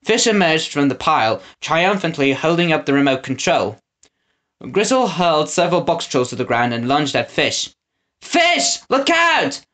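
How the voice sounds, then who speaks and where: Guy narrating a kids audiobook, very expressive ups and downs. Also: fairly high pitch, moderate pace. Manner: expressive reading. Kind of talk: storybook narration.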